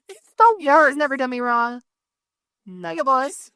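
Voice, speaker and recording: A woman co-hosting a casual podcast chat, telling animated stories with lots of swearing and acted-out quotes. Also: high-pitched, a little slow, pauses often, clear, resonant tone, no echo, studio quality. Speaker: podcast co-host.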